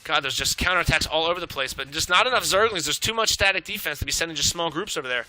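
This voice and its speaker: A man shoutcasting a live strategy game match, excitable and swearing freely as he calls the action. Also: a little high, rough recording. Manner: excitable, swearing, rapid reactions. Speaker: esports shoutcaster. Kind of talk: live play-by-play game commentary.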